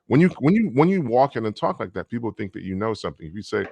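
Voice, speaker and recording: A man speaking as a guest in an emphatic, animated conversation. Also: on the low side, quick pace, vocal fry, breathy edge, dry recording. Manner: emphatic, acts out voices to make points. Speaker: guest artist.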